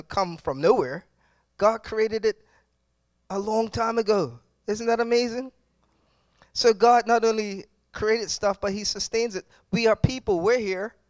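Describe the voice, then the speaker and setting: A male pastor delivering a sermon, asking the congregation for responses and moving between quiet reflection and loud emphasis. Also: high-pitched, no echo. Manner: preaching with call-and-response, swings from quiet to loud.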